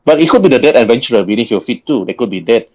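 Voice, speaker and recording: A man narrating as dungeon master in a tabletop game over voice chat, describing scenes in a halting way and repeating words. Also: medium pitch, animated, a little mellow, soft background music, low-quality recording.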